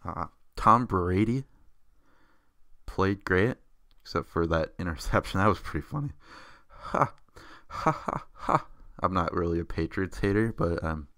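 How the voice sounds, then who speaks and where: A man with a low, deep voice rants loosely about football, swearing freely and jumping between excitement and mockery. He is recorded up close, with a dry sound and no room echo. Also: unhurried, pauses often. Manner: profane, excitable, mocking. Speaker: sports vlogger. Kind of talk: casual football rant.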